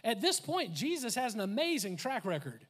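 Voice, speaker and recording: A man preaching a conversational sermon as a pastor, animated, with laughs, asides and acted-out quotes. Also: high voice, normal speed. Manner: acts out quoted voices.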